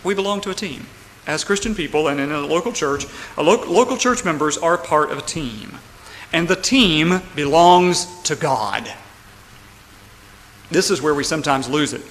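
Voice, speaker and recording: Emphatic high-voiced preacher in a reverberant hall. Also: male voice, lively intonation, normal speed. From United States. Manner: emphatic, rising to loud climaxes, asks "right?" often. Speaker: pastor. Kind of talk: sermon. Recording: long church reverb, faint room noise.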